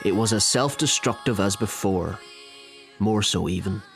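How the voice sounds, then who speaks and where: A man delivering measured, scripted documentary narration in a lowish voice. Music plays clearly behind him.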